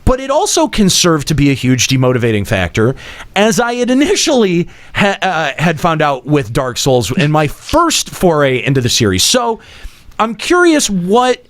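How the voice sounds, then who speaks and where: A man's voice: on the high side, huge pitch swings, moderate pace, fairly bright tone. A man hosting a casual gaming podcast, thinking aloud in long winding sentences and swearing casually. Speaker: podcast host leading the discussion. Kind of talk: casual panel chat.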